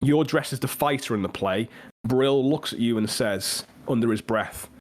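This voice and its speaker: A man's voice: medium pitch, normal speed. A man narrating a tabletop game as game master, in a loose, chatty way with frequent fillers.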